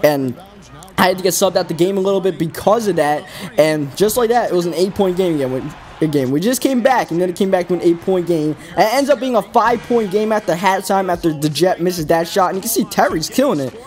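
A man's voice: high voice, a little fast, a little mellow, soft background music. A man hosting a gaming video, giving casual, rambling play-by-play commentary with an exasperated, self-critical tone.

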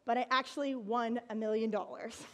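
A woman from the United States tells her story to an audience in a high, bright voice. She talks in an animated way, laughs often, and now and then breaks into excited shouts. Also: fairly quick, very noisy. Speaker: speaker giving a talk.

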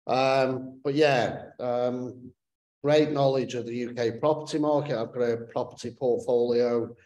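A man's voice: medium pitch, fairly even intonation, unhurried, a little mellow. A man with a northern English accent speaking on an online webinar, jokey and self-deprecating. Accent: northern English, Staffordshire. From Stoke-on-Trent, northern England. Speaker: head of Africa development team. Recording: echoey room.

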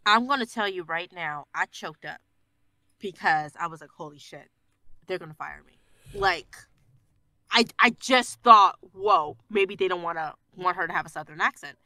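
A woman guest voice actor chatting casually on a podcast, animated and laughing often. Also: fairly low pitch, moderate pace, dry recording.

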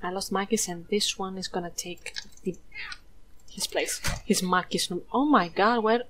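A woman from Greece commentating a video game playthrough in a playful, jokey way, swearing, dropping to mock whispers and rising to excited squeals. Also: medium pitch, moderate pace, a little hiss or hum. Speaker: gameplay streamer. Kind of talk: let's play commentary.

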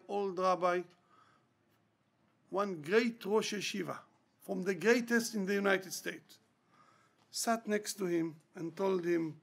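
A man's voice: sits high, vocal fry, a bit bright. A man, a rabbi, preaching an impassioned storytelling sermon and repeating key words for emphasis.

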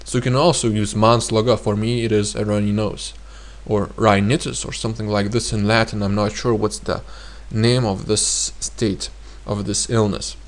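A man teaching a language lesson, repeating each phrase several times and explaining it in a relaxed, thinking-aloud way with frequent fillers. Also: lowish voice, moderate pace, few pauses.

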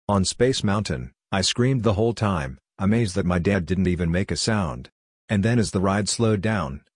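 A man narrating a first-person horror story in a measured, somber way. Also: low voice, no room sound, clean studio sound.

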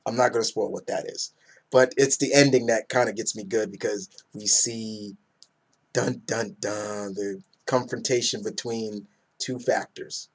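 A young man in a casual, rambling comic book review who gets excited and acts out characters' lines. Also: fairly low pitch, normal speed, breathy edge.

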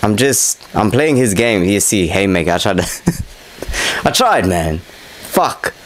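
A young man's expressive, low-leaning voice moves at a normal pace over slight background noise in a rough recording. Narrating footage of a fight he boxed in, he offers a casual breakdown, openly faulting himself and swearing a lot.

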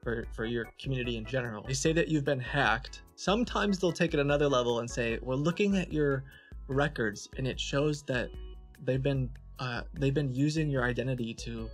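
A man guest in a casual chat, talking calmly and reassuringly as he explains things. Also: mid-range voice, normal speed, soft background music.

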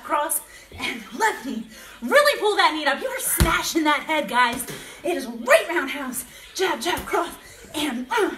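Bright, high-voiced woman kickboxing coach. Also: reverberant. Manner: calls out combos, upbeat and encouraging, laughs often. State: out of breath. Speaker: kickboxing instructor. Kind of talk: coaching a home workout class. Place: home workout space, dogs barking nearby.

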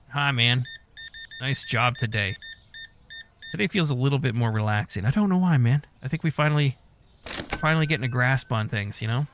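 A man's voice: medium pitch, moderate pace, long pauses, noisy background. A man giving casual, profane gameplay commentary, mock-scolding customers and staff as he plays. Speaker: gaming YouTuber.

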